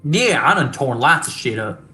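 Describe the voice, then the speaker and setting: Brief: performer putting on a crude, gruff male mechanic, bright edge, roomy echo. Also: medium pitch, sing-song, moderate pace, pitched below the performer's own voice. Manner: blunt, profane, folksy grammar. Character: gruff crude male starship mechanic, fiercely protective of a classic ship. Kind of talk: tabletop role-play, game master voicing a character.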